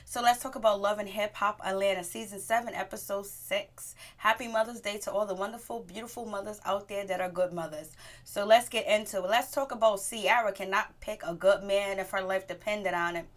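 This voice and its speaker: Woman, TV reviewer, casual recap, chatty, mid pitch. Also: fairly even intonation, fairly quick. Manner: chatty, loops back with "so anyways"; greets viewers as "my peeps". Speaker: TV show reviewer.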